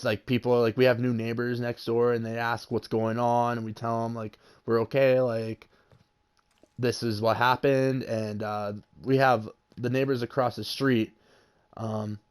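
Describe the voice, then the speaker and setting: A man's voice: mid-range voice, clean tone. A young man casually telling a story about a confrontation, swearing freely and raising his voice when he quotes people. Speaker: vlogger.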